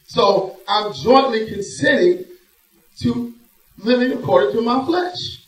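A man preaching a sermon in a church, swinging between hushed, drawn-out phrases and loud emphatic bursts. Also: extremely high pitch, expressive. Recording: echoey room, voice from a distance.

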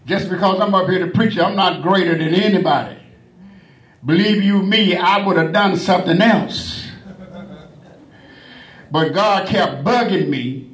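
A man preaching a sermon, working in a refrain of "glory to God" between phrases and rising to shouts. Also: sits high, normal speed. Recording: echoey room, mic at a distance.

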